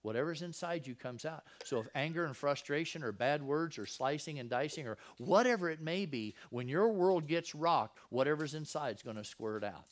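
A man's voice: fairly high pitch, animated, moderate pace, few pauses. A man giving a casual Bible teaching in a folksy, conversational way, often asking his listeners rhetorical questions. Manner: folksy, repeats and restarts phrases. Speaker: Christian preacher.

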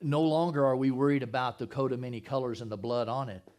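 A man's voice: medium pitch, fairly even intonation, quick pace, darkish tone. Joking, conversational preacher man. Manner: conversational, joking asides to the congregation. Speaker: pastor. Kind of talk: sermon.

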